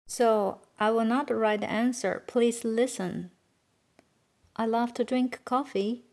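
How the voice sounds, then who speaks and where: A woman teaching a beginner language lesson, saying each example word slowly and deliberately for learners to repeat. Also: a little high. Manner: slow, deliberate modeling of words for learners. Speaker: Chinese teacher.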